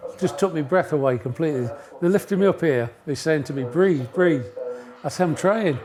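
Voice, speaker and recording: A man's voice: a little high, fast, crowd noise. A middle-aged man, a bouncer and former amateur boxer, recounting his fights bluntly and with swearing. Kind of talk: casual chat, telling stories.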